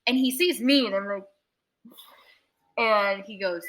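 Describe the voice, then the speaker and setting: With a mid-range voice and a slightly slow pace, a young tattoo artist recounts a long tale in a casual interview. She is animated, swears a lot, and acts out what others said in their voices.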